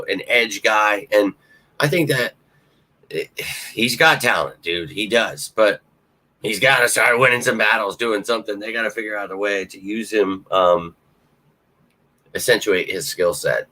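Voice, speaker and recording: A man riffing on a live-stream sports show with a bright, forceful voice that sits on the low side. He talks straight to his viewers, thinks out loud with restarts and swears freely. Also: rough recording. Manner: animated, swears often, talks to viewers directly; restarts and fillers, thinks aloud. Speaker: sports talk host.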